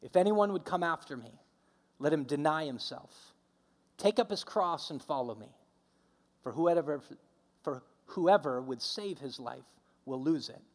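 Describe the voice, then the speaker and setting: High-voiced guy preaching, punchy and repetitive, gets the crowd to say stuff back, long church echo. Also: expressive, measured pace, long pauses. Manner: emphatic, repetitive preaching with audience call-and-response. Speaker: pastor. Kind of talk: sermon.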